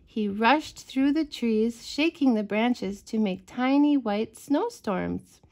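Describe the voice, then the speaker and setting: Gentle woman reading a bedtime story. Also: fairly high pitch, takes it slowly. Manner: gentle, expressive.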